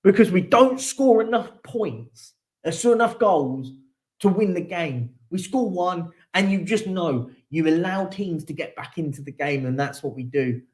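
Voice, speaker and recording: A young man hosting a live football fan channel rants after a match, his voice a little higher than most men's. Animated and speaking at normal speed, he repeats his points over and over with frustrated emphasis, fed up and worked up, sighing between angry bursts.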